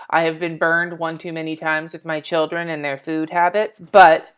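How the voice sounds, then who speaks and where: Woman in her forties with a slightly low voice, a chatty and scattered live-stream host who thinks out loud and swears offhand. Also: flat delivery, normal speed, clear, resonant tone. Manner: chatty and scattered, talks to herself, swears casually. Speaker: planner vlogger. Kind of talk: live-stream chat while decorating a planner.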